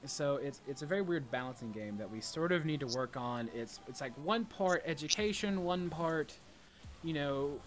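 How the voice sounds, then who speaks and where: A man's voice: a little high, animated, moderate pace. A man in a casual chat about gaming who rambles, restarts often, and speaks bluntly with some profanity.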